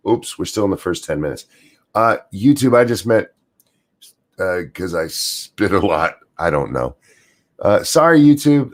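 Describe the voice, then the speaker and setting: A man hosting a casual rant stream, sarcastic and crude, rambling with many fillers, still in his morning voice. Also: lowish voice. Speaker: streamer host.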